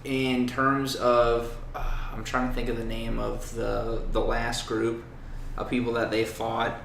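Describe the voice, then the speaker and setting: Male podcast co-host, gravelly, halting delivery, distant echoey mic. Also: mid-range voice, completely flat delivery, fairly bright tone, slight background noise. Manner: hesitant, lots of uhs. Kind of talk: casual podcast chat.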